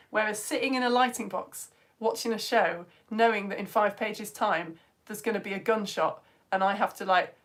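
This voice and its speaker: A woman with a fairly bright, mid-range voice teaches online, bubbly as she chats through viewers' comments on a live stream. She slips in whispered asides, and her throat sounds slightly strained.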